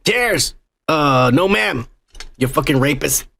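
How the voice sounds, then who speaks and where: A man's voice: a little high, expressive, takes it slowly, vocal fry, fairly bright tone. A man hosting a podcast in crude, profane casual chat, reading listener comments aloud and joking with his co-host.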